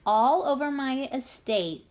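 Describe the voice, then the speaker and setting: A woman's voice: sits high, animated, slow pace, a little mellow, pitched above the performer's own voice. A woman voicing a grand, know-it-all but kindly elderly duke in a storybook reading.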